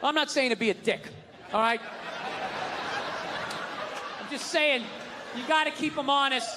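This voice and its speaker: A male stand-up comedian rants through his set, swearing freely and snapping into loud, exasperated bursts. His voice sits high, and the live recording carries audience laughter and steady background noise. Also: unhurried. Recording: live show with crowd and noise.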